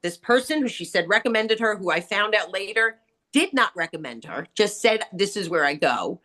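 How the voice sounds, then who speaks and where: A woman's voice: medium pitch, moderate pace. A middle-aged woman from New York, a salon owner telling stories in casual chat, full of fillers and acted-out quotes. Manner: animated, acts out quotes, many "like" and "you know" fillers. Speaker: salon owner and author, podcast guest.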